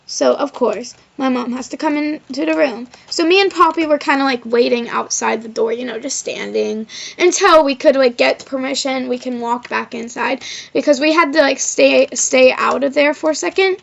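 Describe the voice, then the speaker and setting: A woman's voice: high-pitched, moderate pace, creaky. A female vlogger telling a personal story in a rambling, casual way, filling her talk with "like" and "of course.". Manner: rambling, heavy use of "like" and "of course". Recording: slightly dull lo-fi recording.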